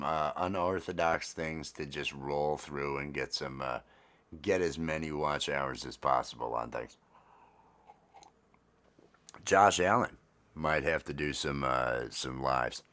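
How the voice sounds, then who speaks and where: Very deep-voiced rambling man vlogger. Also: a bit bright. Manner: rambling, many fillers and restarts. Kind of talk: casual solo chat.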